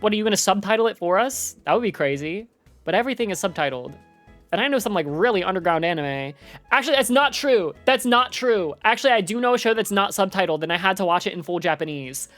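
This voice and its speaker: A woman's voice: medium pitch, animated, fast, fairly bright tone, soft background music. A young adult woman streaming live, chatting casually in a slangy, rambling way, full of "like" and "dude".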